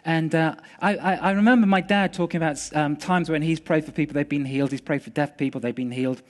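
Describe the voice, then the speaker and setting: A man with a notably high voice delivers a sermon as a personal story. He talks in a casual, animated way, tripping over words now and then as he tells it. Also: fast. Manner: animated, conversational storytelling with restarts. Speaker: preacher.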